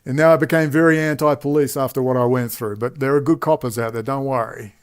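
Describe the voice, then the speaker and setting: A man's voice: medium pitch, steady tone, quick pace, smooth. Australian man, middle-aged, emphatic storyteller, digressive monologue, mid-range voice. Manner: digressive, recounts dialogue, emphatic asides. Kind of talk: rambling personal storytelling monologue.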